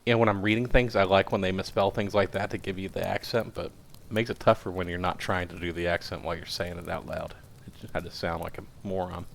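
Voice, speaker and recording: A man's voice: low-pitched, flat delivery, fast, vocal fry. A man doing a casual live-stream reading of a novel, with self-deprecating, profane asides. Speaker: audiobook reader, streamer.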